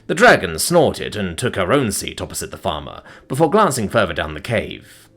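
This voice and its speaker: A man narrating a story in a measured, expressive storytelling manner. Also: lowish voice.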